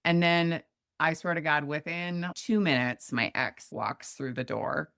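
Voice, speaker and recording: This is a low-pitched, creaky, smooth voice that takes its time, belonging to a middle-aged woman from Montana. As a podcast guest she tells a story in casual chat, animatedly acting out the people's voices. The studio sound is clean with no room noise.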